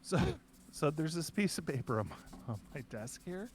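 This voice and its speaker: A man's voice: on the high side, very animated, normal speed, background noise. A man hosting a casual art podcast, telling rambling stories with many restarts. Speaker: host.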